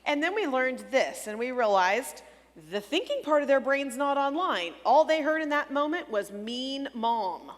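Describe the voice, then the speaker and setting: A middle-aged woman with a somewhat high voice teaches a church breakout session on a stage mic. She explains step by step, softening when she speaks as if comforting a child. Her voice rings with a long reverb in a large hall. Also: expressive, moderate pace. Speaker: conference speaker.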